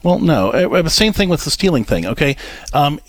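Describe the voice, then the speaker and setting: A man's voice: fairly high pitch, big pitch swings, normal speed, no echo. A man co-hosting an advice talk show, counseling a caller on parenting and acting out what parents and kids say. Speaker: radio show co-host, counselor.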